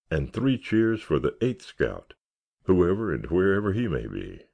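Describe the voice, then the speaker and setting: A genial male scoutmaster, voiced by a male audiobook narrator, delivers an earnest, oratorical speech. The voice is very deep with a gravelly edge, and the pitch rises and falls in lively swings as he rallies his listeners. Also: full character voice. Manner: earnest, oratorical, rallying cheers. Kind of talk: audiobook character reading.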